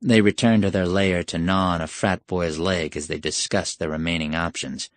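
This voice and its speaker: A man's voice: sits low, steady tone, moderate pace, dry recording. Wry male audiobook narrator. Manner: wry, sardonic storytelling. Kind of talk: scripted narration.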